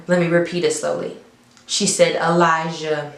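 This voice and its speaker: Young woman, film reviewer, animated storyteller, lowish voice, echoey room. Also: normal speed. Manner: animated storytelling, laughs between points. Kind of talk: casual movie review.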